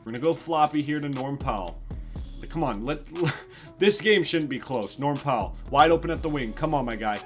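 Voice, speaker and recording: A young man giving excited play-by-play commentary over a basketball video game, hyping big plays, sometimes yelling and casually swearing. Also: medium pitch, moderate pace, soft background music. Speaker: gaming YouTuber.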